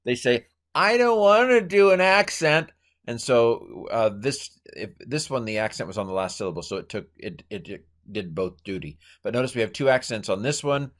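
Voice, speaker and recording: A man's voice: lowish voice, expressive, fairly quick, few pauses. A middle-aged man teaching Greek grammar informally, thinking aloud with many fillers and corrections and playful asides. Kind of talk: informal Bible language lesson.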